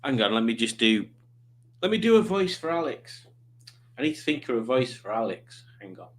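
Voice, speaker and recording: A man's voice: mid-range voice, big pitch swings, moderate pace. A man chatting casually on a livestream, rambling and reading out viewer comments. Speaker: livestreaming YouTuber.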